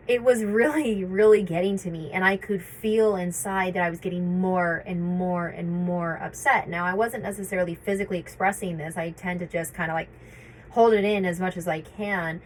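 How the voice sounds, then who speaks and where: A woman's voice: fairly low pitch, a little hiss or hum, low-quality recording. A woman vlogging about her own grief. She reads passages from an article and breaks off into casual, hesitant commentary with many fillers and restarts.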